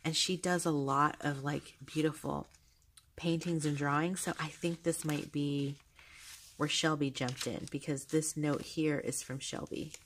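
A woman vlogger chatting casually as she shows a journal, gushing and soft-spoken, with fillers and small laughs. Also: low-pitched, steady tone, unhurried, slight background noise. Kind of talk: casual chat. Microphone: handheld camera held close.

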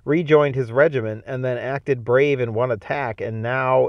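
A man teaching a homeschool literature lecture, reading a novel aloud and thinking out loud about it in a conversational way. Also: mid-range voice, expressive, a little slow, no echo, highs cut off.

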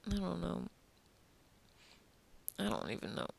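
Her voice is fairly low, very animated and unhurried, with vocal fry. She's an artist vlogger drawing on camera while intoxicated, chatting in a rambling, casual way, slurring her words, swearing a lot and drifting into murmurs.

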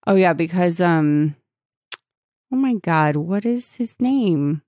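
A woman's voice: fairly low pitch, lively intonation, takes it slowly, dark tone, no room sound, clean studio sound. A woman co-hosting a podcast in casual chat, reading book passages aloud and swearing casually. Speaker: podcast co-host.

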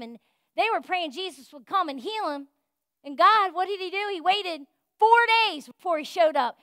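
Fervent high-voiced woman preaching. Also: lively intonation, moderate pace, dry recording, studio quality. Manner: fervent, folksy preaching, swings from loud exhortation to soft confiding. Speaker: pastor. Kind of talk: sermon. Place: church.

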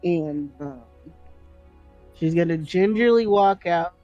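A woman's voice: fairly low pitch, takes it slowly, warm tone, faint music behind. A woman playing a tabletop game, talking casually and rambling, swearing freely as she describes her character. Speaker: player. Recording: dull lo-fi mic.

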